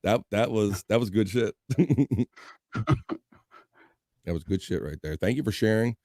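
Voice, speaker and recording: A man's voice: on the low side, expressive, a little slow, mellow, no room sound, clean studio sound. A man hosting a casual livestream show, reading chat aloud, laughing and swearing loosely. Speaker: host.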